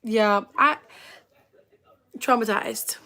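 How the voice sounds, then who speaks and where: A woman's voice: fairly high pitch, very slow, gravelly. A woman hosting a casual livestream, telling rambling stories full of "like", laughing, and greeting viewers in chat. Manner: expressive, laughs often. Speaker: livestream host.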